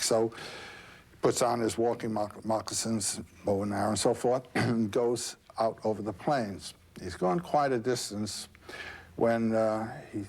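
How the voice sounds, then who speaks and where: A man retelling an old myth in conversation, halting with fillers and asides. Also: on the low side, a little mellow, low-quality recording. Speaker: guest storyteller.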